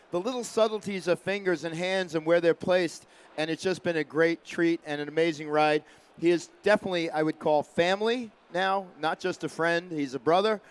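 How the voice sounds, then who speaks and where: High, clear-voiced male stage host. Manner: energetic, chatty. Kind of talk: live stage introduction. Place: convention stage.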